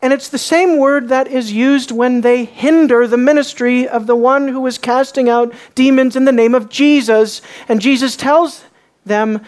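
A woman preaching a sermon, emphatic, swinging from raised questions to quiet, low emphasis. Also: steady tone, moderate pace. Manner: emphatic, rising and dropping to quiet for effect.

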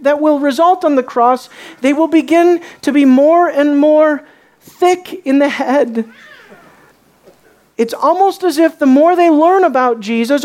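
A woman preaching a sermon, emphatic, swinging from raised questions to quiet, low emphasis. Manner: emphatic, rising and dropping to quiet for effect.

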